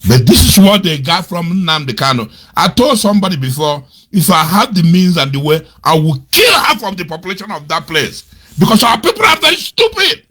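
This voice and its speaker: A man with a husky voice, giving angry, scornful political commentary. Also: very animated, fairly quick. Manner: scornful, indignant, repeats insults, swings between loud outbursts and low mutters. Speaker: commentator on a web radio show. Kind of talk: angry political commentary, reading out and mocking quotes.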